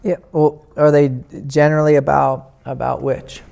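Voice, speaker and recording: A man, a spiritual teacher, giving a gentle, rambling talk at a meditation retreat, full of "you know" fillers. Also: on the high side, flat delivery, moderate pace, vocal fry. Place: indoor retreat meeting room.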